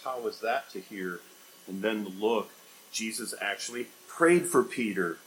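A man preaching a sermon as a pastor, asking rhetorical questions and swinging between loud emphatic lines and quiet, low ones. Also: expressive, moderate pace, a little hiss or hum, poor audio. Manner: dynamic preaching with sharp swings in loudness and pitch, rhetorical questions.

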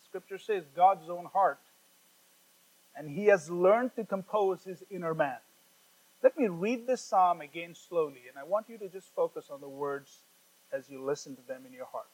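Male preacher, high voice, teaching sermon, slow emphatic scripture reading, a few fillers. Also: low-quality recording. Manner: slows down and reads scripture aloud with emphasis; explanatory, with occasional fillers.

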